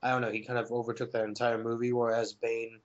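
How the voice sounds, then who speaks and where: A man chatting casually about a movie, halting and restarting, with the odd swear, on a call recorded through a laptop mic. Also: mid-range voice, monotone. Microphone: laptop or headset on a call. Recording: dull lo-fi online call audio.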